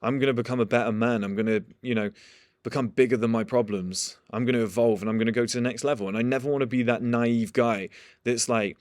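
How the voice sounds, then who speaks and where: A man's voice: mid-range voice, steady tone, fast, a little mellow, dry recording, clean studio sound. A young man giving a blunt, profane motivational talk in a casual monologue. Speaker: motivational speaker.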